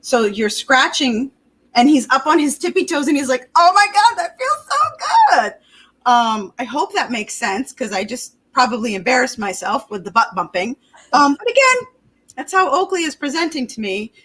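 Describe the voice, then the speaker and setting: A woman's voice: high voice, expressive, normal speed, fairly bright tone, breathy edge, rough recording. A woman working as a pet communicator on a livestream, chatty and laughing at herself as she describes a dog. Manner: chatty, laughing, self-conscious. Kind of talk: livestream talk.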